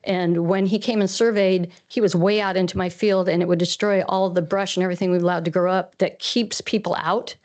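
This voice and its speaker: A woman's voice: lowish voice, steady tone, brisk, hardly any pauses, a little mellow. A woman farmer from Washington State giving public comment at a council meeting, earnest and rambling, audibly emotional. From Washington State, USA. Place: council chamber.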